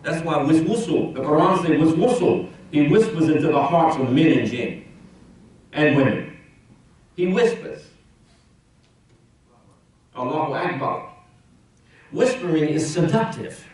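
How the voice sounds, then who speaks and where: A man's voice: fairly high pitch, unhurried, pauses often. Imam, man, conversational sermon with rhetorical questions; distant, heavily reverberant hall. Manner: conversational preaching, rhetorical questions, swings loud and soft. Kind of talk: Friday sermon. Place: mosque prayer hall. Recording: very echoey mosque hall, speaker off-mic.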